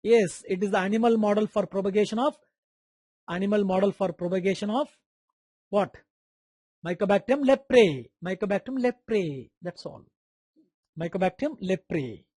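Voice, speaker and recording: A man's voice: high-pitched, lively intonation, normal speed, pauses often, darkish tone, no room sound. A man with an Indian English accent giving an online medical lecture, quizzing students by name and repeating key terms.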